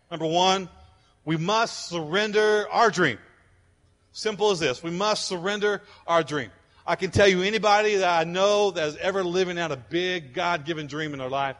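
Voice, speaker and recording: High-voiced, bright-toned preaching man in a hall. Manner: fervent preaching, rising to loud declarations. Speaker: pastor. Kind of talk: sermon. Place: church sanctuary. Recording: long reverb of a large hall.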